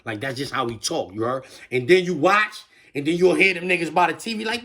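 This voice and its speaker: A man's voice: a little high, expressive, brisk, bright, forceful tone. A man giving a casual commentary rant in slangy street talk, full of stammered restarts. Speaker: online commentator.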